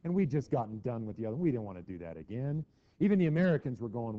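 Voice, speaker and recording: Animated man teaching history, lo-fi. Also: mid-range voice, fast talker. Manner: chatty, acts out quotes with mock voices. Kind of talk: classroom history lecture. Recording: dull lo-fi classroom recording.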